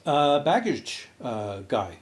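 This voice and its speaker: A man from Canada tells a long anecdote on a casual podcast, his pitch leaping around as he acts out the other people in it. He talks loosely, with ordinary swearing, and his voice sits in the middle of the male range. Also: takes it slowly. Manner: animated storyteller, voices his friends in quotes, swears casually. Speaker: podcast co-host. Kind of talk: casual storytelling chat.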